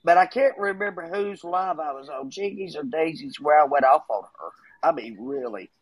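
A woman's voice: deep voice, normal speed, breathy edge, no echo, poor audio. A woman hosting a casual livestream chat, talking in a heated, emphatic way.

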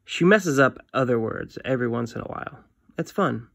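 Male teacher reading a comic to kids, gravelly voice, dry close sound, friendly read-aloud. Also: mid-range voice, expressive, normal speed, fairly bright tone, dry recording.

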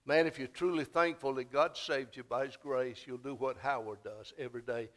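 A man's voice: mid-range voice, fairly even intonation, moderate pace. A man preaching a sermon in church, telling folksy stories and building to emphatic exhortation. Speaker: pastor. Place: church sanctuary.

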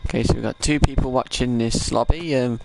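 A young man commentating live over a multiplayer game, excitable and swearing, his voice jumping high when startled. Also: fairly quick, vocal fry, background noise. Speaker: gaming YouTuber.

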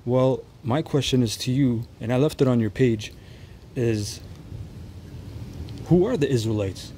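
Reacting to a street preaching clip, a man stumbles and restarts while explaining, then reads Bible verses slowly and deliberately. His voice is mid-range and mellow. The rough recording carries a little hiss or hum.

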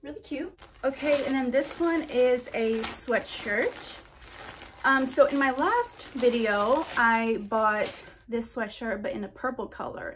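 A woman's voice: on the high side, slight background noise. A young woman vlogger chatting casually to camera during a try-on haul, gushing and talking in a loose, chatty way. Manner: chatty and gushing, says freaking and oh my gosh a lot.

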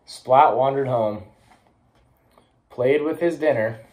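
A man's voice: mid-range voice, takes it slowly, poor audio. Young man reading a picture book aloud. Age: young adult. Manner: lively, puts on brief character voices. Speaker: college athlete reading aloud.

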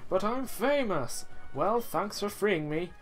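A man's voice: high-pitched, expressive, takes it slowly, faint music behind, voice pushed up. A man voicing a boastful, theatrical male trickster in a video game, with a put-on weird accent. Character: boastful self-styled famous male trickster.

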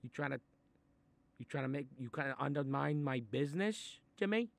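A man voicing a short-tempered Italian-American mob boss who grumbles, swears and threatens, in a comedic animated role. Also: mid-range voice, moderate pace. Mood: gruff menacing. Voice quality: gravelly, threatening. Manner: grumbling asides, sudden angry outbursts, swearing. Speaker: mob boss reading a children's book.

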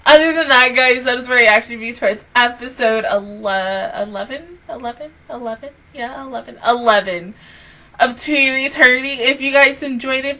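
Young woman w/ a doing anime reactions, kinda high voice, cusses a lot, goes from yelling to whispering. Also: rough recording. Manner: excitable, swears freely, swings from loud outbursts to hushed whispers. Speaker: anime reaction channel host. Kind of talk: reaction video commentary.

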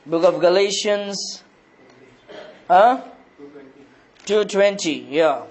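A man's voice: high voice, normal speed, rough recording. A man with an Indian English accent, preaching a sermon as pastor, asking the congregation rhetorical questions and repeating phrases.

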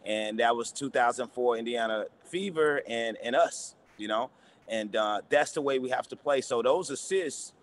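A man, a basketball coach, answering press questions in a halting way, repeating words and using many fillers. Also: mid-range voice, slight background noise.

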